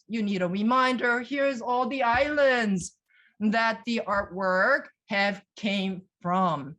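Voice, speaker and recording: A woman leading a live virtual museum tour over a video call, animated and questioning her audience, reading their answers aloud. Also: medium pitch.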